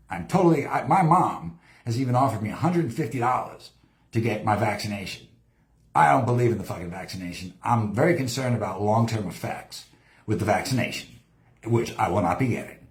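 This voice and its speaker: Swearing live-stream host in an echoey room. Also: male voice, lowish voice. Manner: heavy swearing, lively storytelling, acts out quotes. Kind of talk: profane rambling live-stream monologue. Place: home studio. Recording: roomy echo.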